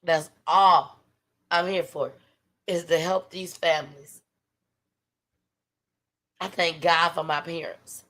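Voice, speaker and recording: A tired woman hosting her own livestream, speaking from the heart to her viewers. Her voice sits fairly low and has a gravelly rasp. Now and then her words sink to a near whisper. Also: steady tone, takes it slowly, pauses often, a bit bright. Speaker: livestream host. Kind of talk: emotional livestream talk.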